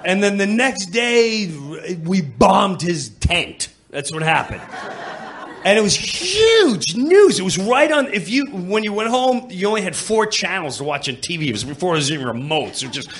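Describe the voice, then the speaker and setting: A middle-aged man from New York telling a stand-up story on stage, animated and quick to slip into voices. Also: sits high, slight background noise. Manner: animated, jumps into voices, laughing asides. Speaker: comedian. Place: comedy club stage.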